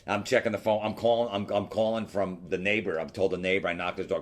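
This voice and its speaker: A man's voice: sits low, little pitch movement, fast talker, few pauses. A middle-aged man hosting a podcast, telling a long personal story in casual chat, acting out quotes and swearing freely. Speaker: podcast host.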